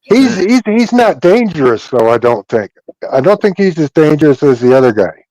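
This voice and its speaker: A man's voice: on the high side, very animated, normal speed, dark tone, rough recording. Hesitant, wry male panel guest. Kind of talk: casual panel chat.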